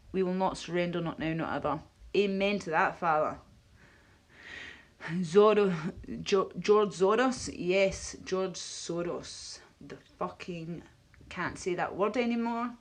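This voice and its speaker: A woman's voice: on the low side, fairly bright tone. A Scottish woman on a live stream, rambling bluntly between topics and swearing often.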